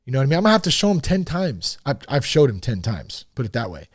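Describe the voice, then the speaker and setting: Man in his thirties, podcast host, casual monologue, frank, animated, mid-pitched, dry close sound. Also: quick pace, slightly rough, no room sound. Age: 30s. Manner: animated and frank, with swearing and rising emphasis.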